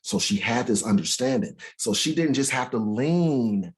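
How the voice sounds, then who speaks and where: A man leading an informal Bible study, reading scripture aloud slowly and checking in with listeners, sometimes searching for words. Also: medium pitch, expressive. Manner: conversational, asks listeners "right?", reads scripture aloud slowly and dramatically; searches for words, restarts sentences.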